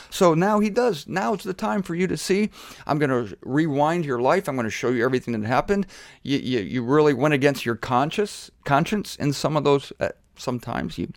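Animated, irreverent man preaching. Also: medium pitch, no echo, studio quality. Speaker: Bible teacher. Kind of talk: casual sermon on camera.

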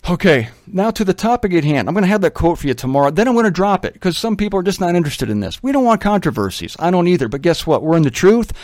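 A man's voice: on the high side, a little mellow, no echo, clean studio sound. Earnest man teaching the Bible on radio. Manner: earnest, pleading, emphatic.

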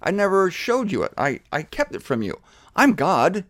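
A man voicing God as a calm, matter-of-fact and reassuring figure in a casual sermon. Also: sits high, moderate pace, no room sound, studio quality, pitched above the performer's own voice. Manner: plainspoken, reassuring.

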